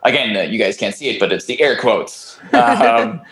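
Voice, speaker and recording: A man's voice: lowish voice, very animated, moderate pace, creaky, a bit bright, poor audio. A man, a podcast guest, telling a long personal story in casual chat, rambling with restarts, fillers and the odd swear word.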